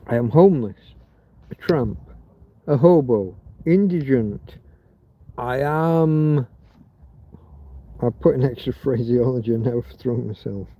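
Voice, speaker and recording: A man's voice: mid-range voice, muffled recording. Crude joking British man on a livestream. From Britain. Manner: crude, joking, swears freely. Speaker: livestream host. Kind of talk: rambling livestream chat. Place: outdoors in a field in Spain.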